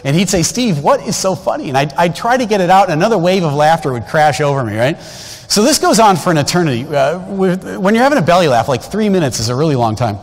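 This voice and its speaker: A very animated man in his fifties, speaking fast on the high side, preaches a storytelling sermon as a guest. His delivery is folksy and chatty, peppered with asides to the congregation, and the recording carries the long reverb of a large sanctuary.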